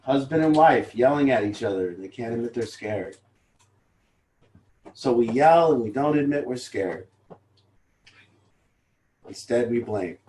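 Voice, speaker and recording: Leading a support group in an echoey room, this man speaks at a measured pace with frequent pauses. His mid-range voice is dark-toned yet lively as he talks frankly and loosely, throwing in casual profanity.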